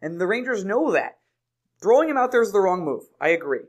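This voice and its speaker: A man's voice: sits high, very animated, a little fast. A young man co-hosting a sports podcast in casual chat, joking and laughing through the banter. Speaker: podcast co-host.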